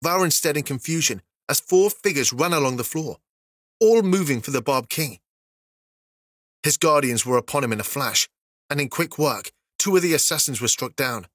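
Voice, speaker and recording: A man narrating a fantasy story as an audiobook, steady and even. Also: mid-range voice, fairly quick, no echo, studio quality.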